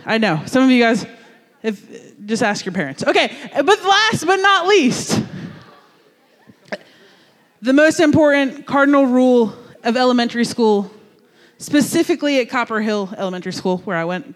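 A man from New Jersey giving a sermon as a youth pastor, telling a story in an animated, jokey, conversational way. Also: very high voice, normal speed, big-room sound.

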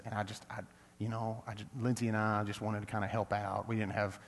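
A man's voice: fairly low pitch, flat delivery, quick pace, a little hiss or hum. A young adult male pastor giving a sermon, telling a personal story in an earnest, conversational way that builds into emphatic preaching. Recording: long reverb of a large hall.

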